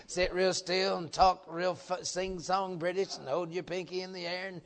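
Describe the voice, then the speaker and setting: Folksy preacher, joking and emphatic. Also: male voice, sits high, moderate pace, few pauses. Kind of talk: folksy revival sermon.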